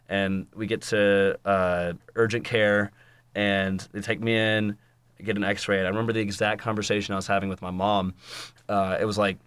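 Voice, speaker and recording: A man's voice: lowish voice, level tone, moderate pace, a bit bright, smooth, no echo. A young man, a podcast guest, telling a story in casual chat, swearing freely and acting out what people said. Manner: swearing storyteller, acts out quotes.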